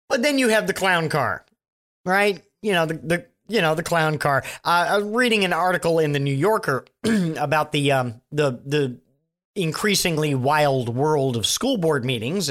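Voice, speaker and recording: A man's voice: fairly high pitch, animated, moderate pace, fairly bright tone. A man giving a casual, sardonic monologue of political commentary, rambling with lots of fillers and restarts.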